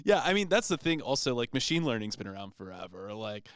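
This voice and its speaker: A man's voice: medium pitch, big pitch swings, quick pace, fairly bright tone, smooth, no room sound, clean studio sound. A man hosting a casual history podcast, laid-back, telling the story and laughing along with his co-hosts. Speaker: podcast host presenting history.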